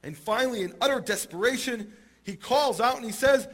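A man telling a Talmud story in a lively, humorous way and acting out the characters. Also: very high-pitched, a little fast. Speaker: teacher retelling a Talmud story. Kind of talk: animated storytelling talk.

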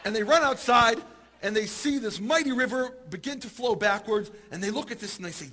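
A man telling a Talmud story in a lively, humorous way and acting out the characters. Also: sits high, brisk. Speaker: teacher retelling a Talmud story. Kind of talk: animated storytelling talk.

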